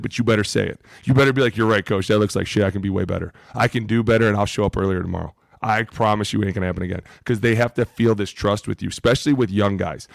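A man in his thirties, a former football player co-hosting a podcast, talking bluntly with lots of swearing and acting out what coaches yell. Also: on the low side, gravelly, no echo, studio quality. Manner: blunt, profane, emphatic, acts out coaches' lines. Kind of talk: casual podcast chat.

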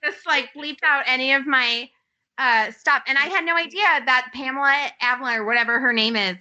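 A woman guesting on a podcast over a video call, excitable and rambling, full of "like" fillers. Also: high voice, normal speed, highs cut off. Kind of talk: casual chat.

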